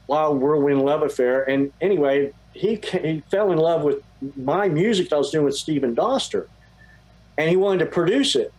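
A man's voice: fairly high pitch, a little mellow, rough recording. A man telling a long story as a guest, rambling and restarting his sentences. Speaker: guest musician. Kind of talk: casual storytelling.

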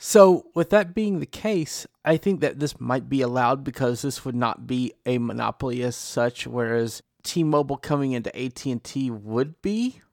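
A man's voice: medium pitch, normal speed, vocal fry, few pauses, a little mellow, dry recording, studio quality. Upbeat man hosting a podcast. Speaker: podcast host. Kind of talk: casual panel chat.

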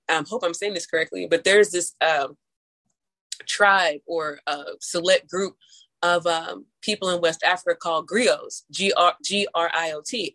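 A woman from St. Louis with a St. Louis accent, telling stories in casual chat, animated and laughing, with big leaps in pitch. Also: low-quality recording. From St. Louis, USA. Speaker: storyteller guest.

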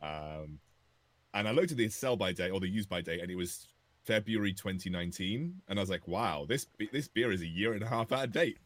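Male guest, low and rambling, dry close mic. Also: lively intonation, brisk, a bit bright, no room sound. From United Kingdom. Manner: rambling, self-mocking storyteller. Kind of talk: casual chat.

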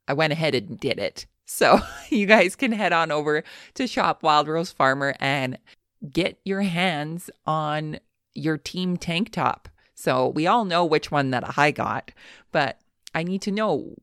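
A woman's voice: low-pitched, creaky, fairly bright tone, dry recording, studio quality. A woman hosting a podcast, upbeat and gushing as she interviews a guest and wraps up the show. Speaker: podcast host.

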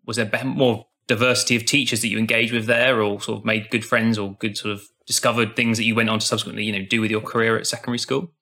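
A man's voice: lowish voice, little pitch movement, quick pace, few pauses, pushed and bright. A man hosting a podcast, asking long rambling questions. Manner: rambling questions with many "sort of" hedges. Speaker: podcast host. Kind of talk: interview questions.

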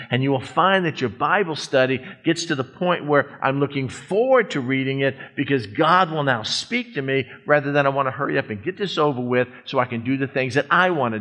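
A man's voice: medium pitch, bright, forceful tone. A middle-aged man, a pastor, preaching a conversational, folksy sermon and drawing out words for emphasis.

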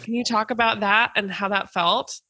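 A woman hosting a podcast, a nurse, chatting casually with her guest and listing colleagues quickly. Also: medium pitch, steady tone, sharp tone.

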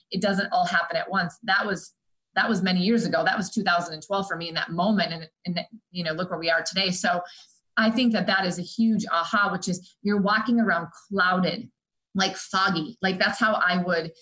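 A woman's voice: on the low side, fairly bright tone, low-quality recording. A woman speaking as a podcast guest, reflecting on personal experience and often restarting her sentences. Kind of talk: casual podcast conversation.

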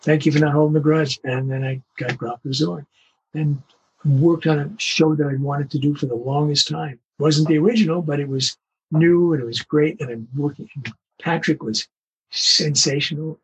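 Breathy older man telling stories. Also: a little high, normal speed, muffled recording. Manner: animated anecdotes, acts out quoted voices. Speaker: voice actor guest. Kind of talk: storytelling interview.

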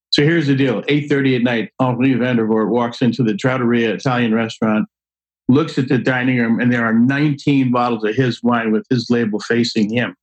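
Older guy telling a story, lively, does little voices for people, mid pitch. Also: brisk, poor audio. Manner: animated, acts out quoted voices, laughs often. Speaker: guest storyteller. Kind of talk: casual anecdotal storytelling.

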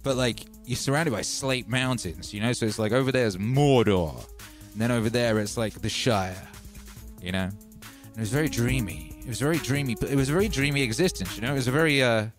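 A man hosts a livestream, talking in a loose, rambling way that keeps circling back with "you know." His pitch sits in the middle of the male range. Music plays clearly underneath him. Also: expressive, fairly quick. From North Wales. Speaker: livestream host. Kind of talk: rambling casual livestream chat.

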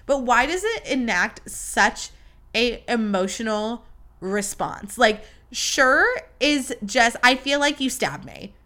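A young adult woman hosts a solo podcast, speaking slowly in a fairly high voice directly to her listeners. Her casual chat is animated, gushing, and dramatic.

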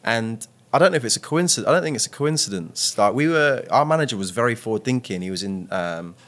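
A man, a podcast guest, speaks reflectively and grows animated when he tells stories. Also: mid-range voice, fast talker. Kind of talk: podcast interview.

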